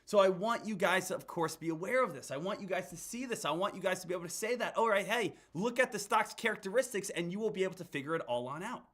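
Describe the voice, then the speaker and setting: Fast and nearly pause-free, a man's high-pitched, animated voice carries a fairly bright tone. He gives hype-driven, emphatic stock commentary, repeats phrases, and refers to his viewers as "guys" and "team."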